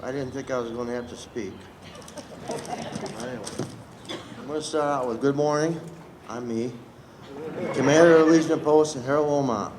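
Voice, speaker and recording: Halting emotional man giving a speech. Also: mid-range voice, noisy background. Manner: unscripted, halting, gets choked up. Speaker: American Legion post commander. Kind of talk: ceremony speech and poem reading. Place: outdoor public ceremony.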